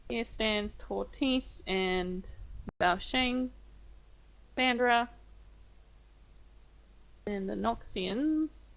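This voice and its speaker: A woman's voice: on the high side, extremely slow, long pauses, poor audio. An Australian woman narrating a tabletop game as game master, with many ums and uhs.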